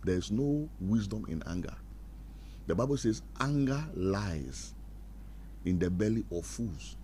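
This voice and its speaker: A middle-aged man with a lowish voice takes an unhurried pace as he offers marriage advice, sounding like a preacher on talk radio. He acts out spats in put-on voices, laughs at his own jokes, and stays animated, over faint background noise.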